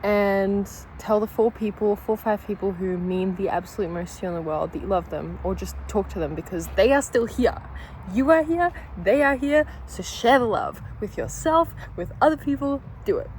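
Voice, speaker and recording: A woman talks casually to her camera while eating breakfast at home. She is candid and swears freely, and she gets overwhelmed with happy emotion and laughs close to tears. Her voice sits at a medium pitch over a faint noise floor. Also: moderate pace, a little mellow, low-quality recording. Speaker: vlogger. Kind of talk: casual vlog chat.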